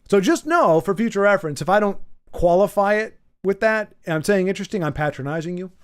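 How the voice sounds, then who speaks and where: A man's voice: high-pitched, animated, fast, smooth. A man hosting a casual stream, reading out chat and thinking aloud, rambling and often repeating words as he goes. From United States. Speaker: livestream host reading chat.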